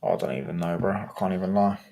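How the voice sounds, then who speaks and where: A young man talks football in a loose, slangy, swear-heavy way. His voice sits low and sounds husky, with a sore throat. He keeps the chat laid-back and rambling. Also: fast talker, mellow. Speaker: football vlogger.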